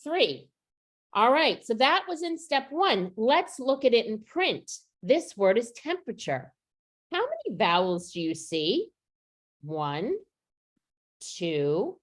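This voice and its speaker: Woman teaching teachers on a video call. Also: on the high side. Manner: explaining step by step, asks questions. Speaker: literacy trainer. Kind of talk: online teacher training.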